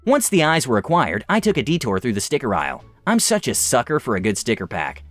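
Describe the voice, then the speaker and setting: Animated young man reading stories. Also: medium pitch, a little fast, faint music behind. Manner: animated, expressive storytelling. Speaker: story reader. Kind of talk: reading online stories aloud.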